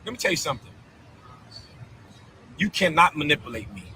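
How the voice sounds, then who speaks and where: A bishop ranting on a live stream in a fiery, confrontational preaching cadence, full of incredulous repeated outbursts. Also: male voice, on the high side, sing-song, fairly quick, bright, forceful tone, a little hiss or hum, poor audio. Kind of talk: heated live-stream rant.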